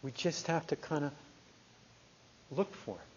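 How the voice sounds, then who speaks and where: A middle-aged man from New Jersey giving a meditation talk, telling a personal story in a lively conversational way. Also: a little high, unhurried, a little hiss or hum. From New Jersey, USA. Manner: conversational, animated storytelling with restarts. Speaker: meditation teacher. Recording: dull lo-fi talk recording.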